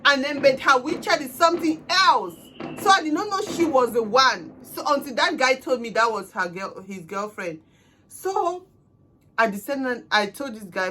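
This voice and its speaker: A young woman tells a personal story to camera in casual vlog chat. Her voice sits a little high for a woman. She drops to near murmurs and then bursts out loudly. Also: lively intonation, normal speed. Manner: emotional, swinging from soft murmurs to loud outbursts. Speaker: vlogger.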